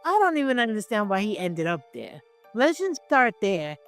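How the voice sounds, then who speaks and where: A woman's voice: mid-range voice, big pitch swings, normal speed, soft background music. A woman co-hosting a casual film review chat, slangy and questioning, often laughing.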